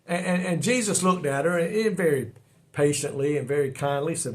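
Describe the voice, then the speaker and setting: Male preacher, folksy and earnest, slightly high voice, daily devotional. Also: fairly quick. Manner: folksy, earnest, repeats words when stumbling.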